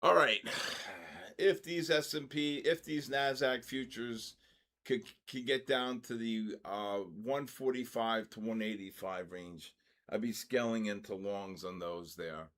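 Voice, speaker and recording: A man's voice: medium pitch, measured pace, a bit bright. An older man hosting a live trading session, chatting casually and greeting viewers by name in upbeat bursts. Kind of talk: casual live-stream chat.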